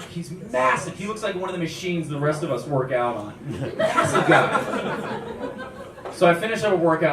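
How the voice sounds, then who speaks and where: A young adult man doing an animated stand-up comedy set in a club lounge, switching between voices as he tells his stories. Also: mid-range voice. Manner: animated storytelling, quick voice switches. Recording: echoey club from far off, noisy.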